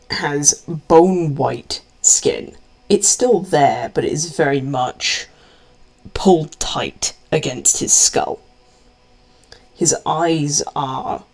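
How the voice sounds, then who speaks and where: A woman narrating as game master in a tabletop game, describing scenes deliberately. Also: sits low.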